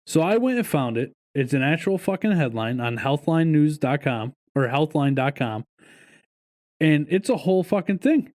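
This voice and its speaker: A man's voice: on the high side, normal speed. Profane ranting podcast man. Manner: profane, ranting, animated storytelling. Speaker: podcast co-host. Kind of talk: casual podcast chat.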